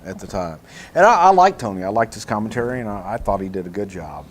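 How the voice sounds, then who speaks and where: Southern US man, lowish voice, relaxed anecdotal podcast delivery, faint noise behind. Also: fast. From Texas. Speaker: podcast guest. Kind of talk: conversational podcast chat.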